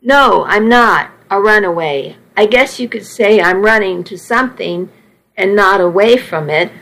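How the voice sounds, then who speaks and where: A woman's voice: medium pitch, unhurried, a bit bright, poor audio. A woman reading the lines of a small, proud, exhausted young woman who speaks in a guarded, tight-lipped way.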